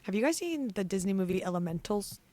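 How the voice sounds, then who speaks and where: A woman co-hosting a book club podcast, chatting casually, giggly and excitable, often breaking into laughter. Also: medium pitch, fast talker, slight background noise. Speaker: podcast co-host.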